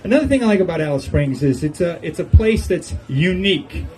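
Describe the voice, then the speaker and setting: Older man telling jokes in a farewell speech, lively rising-and-falling delivery, slightly high voice, chuckles at his own lines. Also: a little fast, poor audio. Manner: joking storyteller who chuckles at his own punchlines. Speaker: departing resident giving a farewell speech. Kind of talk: humorous farewell speech to a gathering. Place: outdoor golf club patio.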